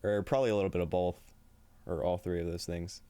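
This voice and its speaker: In a dry recording, a man with a low, dark voice talks at a quick pace with fairly even intonation during a casual livestream. He's upbeat, laughs often, and reads chat aloud, yet sounds tired and a little shaky.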